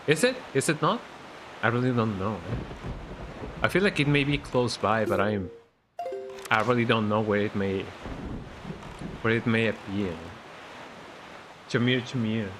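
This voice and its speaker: Relaxed man chatting while he streams a game. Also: lowish voice, a little slow, long pauses, background noise. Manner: relaxed, rambling, tags lines with "eh?". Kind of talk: casual live-stream chat while gaming.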